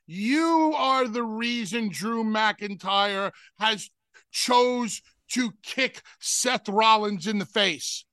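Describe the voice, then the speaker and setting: A man's voice: sits high, fairly bright tone, no echo, studio quality. A man co-hosting a wrestling talk show, blunt and profane as he breaks down a promo. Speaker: wrestling podcast co-host. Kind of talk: casual chat.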